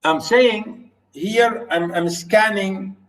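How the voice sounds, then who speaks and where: A man's voice: high-pitched, extremely slow, a bit bright, rough recording. A male teacher giving an online literature lesson, patiently repeating words and chanting stress patterns.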